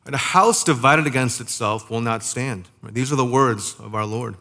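A man preaching a sermon in a conversational way, asking the listeners rhetorical questions and slowing down to stress key phrases. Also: medium pitch, sharp tone. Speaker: pastor.

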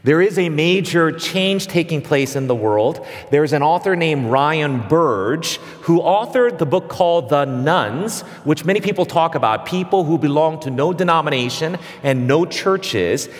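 A male pastor, giving an earnest, measured sermon with pauses and small restarts. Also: a little high, animated. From immigrant who came to the US at nine. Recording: hall reverb.

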